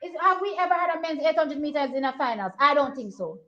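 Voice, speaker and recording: A young woman talks through a track race as it happens. She sits high in her register, repeats herself and thinks aloud in a chatty, excitable way. The audio is slightly dull and lo-fi. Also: quick pace. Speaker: track and field watch-along host. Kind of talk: casual live race commentary.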